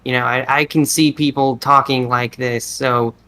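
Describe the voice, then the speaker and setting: Rambling bright-voiced man. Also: mid-range voice, steady tone, moderate pace. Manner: rambling, self-interrupting; restarts sentences, many fillers. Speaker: podcast co-host. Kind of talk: casual chat.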